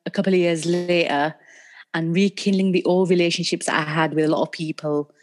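Lively Northern English woman chatting. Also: on the low side, brisk, slight background noise. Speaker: podcast co-host. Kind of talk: casual chat.

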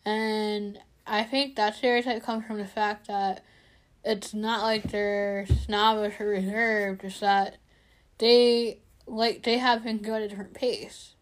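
A woman's voice: mid-range voice, flat delivery, takes it slowly. A woman in casual chat, enthusiastic and eager to explain her views. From United States.

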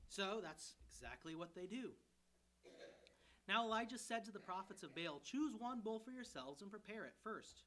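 A man's voice: sits high, moderate pace. A man preaching a sermon as a pastoral candidate, retelling a scripture story with humor and acted-out quotes. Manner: animated storytelling, voicing characters with humor. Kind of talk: expository sermon.

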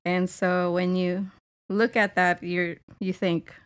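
A woman's voice: lowish voice, slow, clean tone. A woman co-hosting a podcast, telling stories with giggles and casual swearing. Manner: giggly, animated storytelling with swearing. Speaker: podcast co-host. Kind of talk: casual chat.

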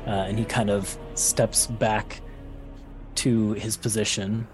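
A man narrating a tabletop role-play as game master, halting and full of fillers. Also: fairly low pitch, level tone, soft background music. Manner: unhurried, halting, many fillers.

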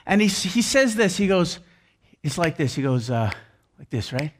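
A man's voice: a little high, very animated, normal speed, a little hiss or hum. A man preaching a sermon with emphasis, repeating key phrases over and over. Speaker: pastor.

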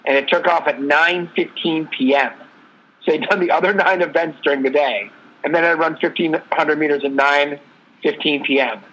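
Bright-voiced man telling sports history. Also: on the high side, normal speed, low-quality recording. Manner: storytelling, loose and rambling. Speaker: podcast co-host. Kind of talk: casual sports chat.

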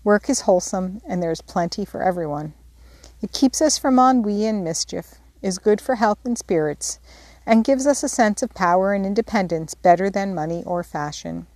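A woman reading a wise, gentle mother of four girls, calm and earnest as she gives advice. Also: medium pitch, moderate pace, no room sound, lightly acted.

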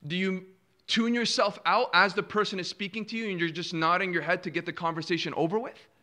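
Bright-voiced man preaching with dramatic swells. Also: high voice, steady tone, brisk. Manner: rhetorical questions, acts out quoted replies with dramatic dips and swells in volume. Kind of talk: sermon.

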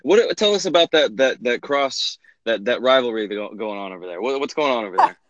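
A man hosting a podcast in casual chat, easygoing and quick to laugh, often restarting his questions. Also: medium pitch, animated, no room sound. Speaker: podcast host. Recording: dull muffled sound.

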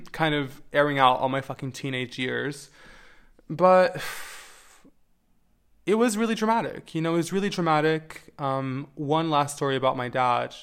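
A man's voice: on the high side, a bit bright, clean tone. A young adult man telling personal stories to camera in a casual, candid way, swearing freely and adding wry asides. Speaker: vlogger.

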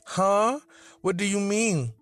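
A man voicing an annoyed, bossy teenage girl who yells a lot. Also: high-pitched, lively intonation, slow pace, soft background music, pitched above the performer's own voice. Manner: yelling, exasperated.

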